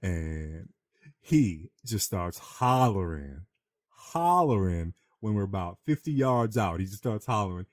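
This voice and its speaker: Male podcast host, very deep and dry, a casual slangy storyteller. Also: moderate pace, no room sound. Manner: animated, slangy storyteller who acts out voices.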